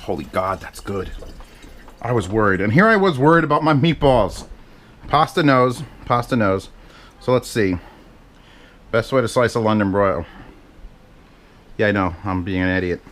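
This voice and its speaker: A man's voice: fairly low pitch, animated, normal speed, long pauses, a bit bright, slight background noise. A man chatting casually and rambling with profane, self-mocking asides while he cooks in his home kitchen. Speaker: cooking vlogger. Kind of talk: casual cooking vlog chat.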